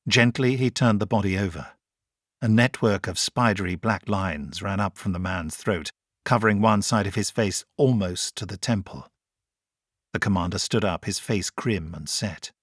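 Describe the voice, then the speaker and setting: A man reading an audiobook in scripted narration, measured and even. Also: on the low side, no room sound, studio quality.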